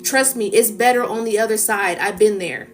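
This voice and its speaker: A woman's voice: medium pitch, moderate pace, faint music behind. A woman giving a spiritual collective reading in a casual, coaxing manner, often checking in with "okay?" and "right?". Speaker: tarot reader.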